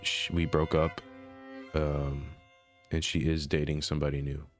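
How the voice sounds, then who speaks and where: A young man reading a personal diary entry aloud and then reflecting on it, in a soft, earnest, hesitant way that often trails off quietly. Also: extremely low pitch, level tone, a little slow. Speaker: vlogger. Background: faint instrumental music.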